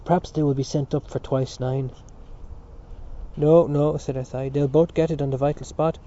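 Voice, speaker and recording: A man's voice: medium pitch, steady tone, a little fast, mellow, muffled recording. A man reading a novel aloud as scripted narration, with a few slips and restarts. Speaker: audiobook reader.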